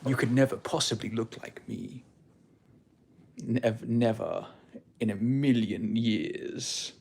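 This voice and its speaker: A man's voice: mid-range voice, creaky, a little mellow, slight background noise. A man doing a vain, pompous long-haired influencer. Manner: slow, pompous, drawn-out delivery. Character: vain long-haired male influencer, boastful, self-adoring.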